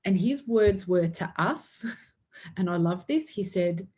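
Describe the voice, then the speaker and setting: A woman's voice: fairly low pitch, lively intonation, takes it slowly, a little mellow. Upbeat woman giving a motivational pep talk. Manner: upbeat and earnest, with frequent laughs. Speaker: network marketing team leader. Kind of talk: motivational talk to her team.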